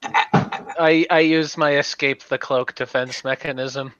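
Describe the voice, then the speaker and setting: A man's voice: fairly high pitch, fairly even intonation, slow pace, fairly bright tone, clear, resonant tone, no room sound. Man, tabletop player, stammering casual chat, muffled lo-fi sound. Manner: stammering, jokey.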